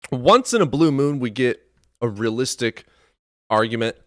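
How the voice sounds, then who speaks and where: A man hosts a live debate stream in a casual, blunt way and drops sarcastic, profane jabs. His voice sits at an ordinary middle pitch. It is recorded dry and close, with no room echo.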